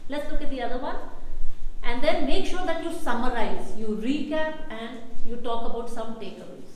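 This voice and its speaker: A woman's voice: sits high, moderate pace, a little hiss or hum. A woman from India leading a public speaking workshop, often putting questions to the audience. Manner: questions the audience, lively teaching delivery. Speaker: workshop presenter. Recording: echoey hall with faint ambience.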